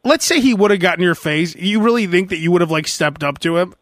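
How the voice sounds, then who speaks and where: A man hosting a podcast in casual comedy chat, animated and joking, quick to mimic other people's voices. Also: high-pitched, no room sound, studio quality. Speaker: podcast host.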